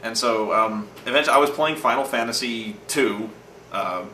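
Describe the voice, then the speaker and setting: Brief: male storyteller, crisp bright tone, sweary and digressive, mic set back, faint hum. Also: mid-range voice, moderate pace. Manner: rambling, profane, acts out quoted lines. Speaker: host telling gaming stories. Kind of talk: casual storytelling monologue. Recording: roomy echo from a distant mic.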